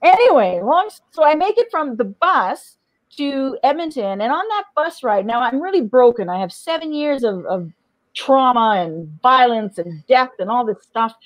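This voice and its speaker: In a dry, rough recording, a middle-aged woman interviewed as a guest recounts her personal story frankly at normal speed. Her voice is high-pitched with big pitch swings, and she keeps restarting and repeating words, laughing between heavy memories.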